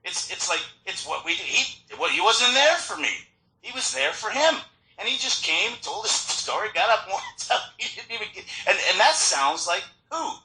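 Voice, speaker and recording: Man telling his recovery story at a meeting, sharp bright tone, roomy hall sound. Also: high voice, moderate pace, gravelly. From Florida. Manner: storytelling, animated, frequent restarts. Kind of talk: personal recovery talk.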